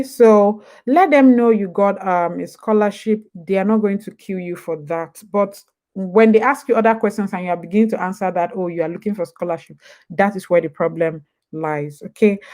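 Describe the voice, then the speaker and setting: A woman's voice: medium pitch, a little mellow. A young woman with a Nigerian accent hosting a casual live stream with advice, chatty and digressive, jumping back and forth between topics. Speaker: host.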